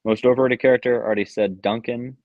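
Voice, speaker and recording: A young man hosts a live stream from a basement room at home, reading questions from chat and answering offhand with many ums and uhs. His mid-range voice is steady and fast, with no room sound, on dull lo-fi audio.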